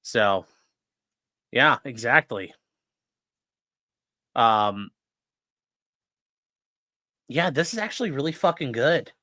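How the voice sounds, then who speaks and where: Man, livestream commentary, casual and profane, bright voice, lively pitch, dry close mic. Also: slow pace, pauses often, no echo. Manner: profane, chatty, talks to chat and his dog. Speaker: defense attorney streamer reacting to a trial. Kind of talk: casual live-stream commentary.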